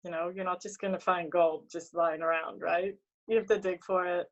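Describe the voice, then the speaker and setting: A woman's voice: fairly low pitch, level tone, moderate pace, dull audio. A woman chatting casually on a video call from a tablet, talking freely with plenty of fillers. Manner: chatty, full of fillers, emotional. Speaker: team member sharing convention takeaways.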